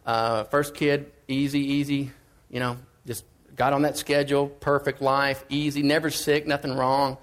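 A man preaching a sermon in a casual, conversational way, swinging between emphatic and quiet lines. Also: mid-range voice, little pitch movement, moderate pace.

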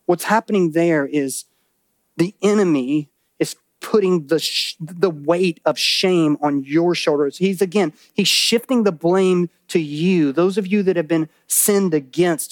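A man with a notably high voice delivers a church sermon, close and dry with no room sound. He talks animatedly, acting out little quotes and voices, then sinks into a lower, grave tone for warnings. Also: slow pace, dry recording. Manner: drops to a low, serious tone for warnings. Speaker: pastor.

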